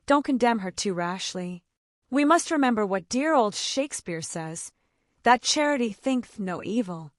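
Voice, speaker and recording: A soothing, superstitious old cousin, as a narrator puts her on, sniffing and placating. The reading has lively pitch and a dry, close sound. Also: a little fast, hardly any pauses, no room sound.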